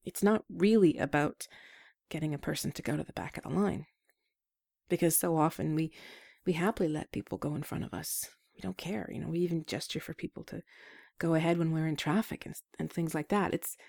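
A woman hosting an advice show, talking gently and self-deprecatingly, with small laughs between points. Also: on the low side, dry recording, studio quality. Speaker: advice podcast host. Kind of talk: scripted advice talk.

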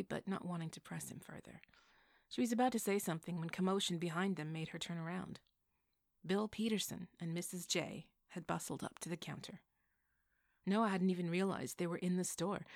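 A woman narrating a contemporary novel aloud in an even storytelling manner. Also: fairly low pitch, creaky, dry recording, clean studio sound. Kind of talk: audiobook narration.

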